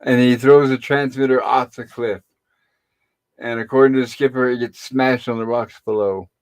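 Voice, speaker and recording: A middle-aged man hosts a casual online show, walking listeners through an old sitcom episode scene by scene. His voice sits at an ordinary pitch for a man. He rambles, pausing and filling gaps as he goes. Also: fairly even intonation. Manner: rambling retelling with pauses and fillers. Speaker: host. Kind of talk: casual episode recap on a live stream.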